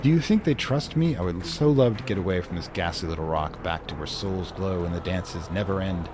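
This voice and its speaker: A man's voice: low voice, a little fast, noisy background, lightly acted. A man voicing a giddy, scheming female devil aristocrat in exile, fluttery and gushing in a theatrical way.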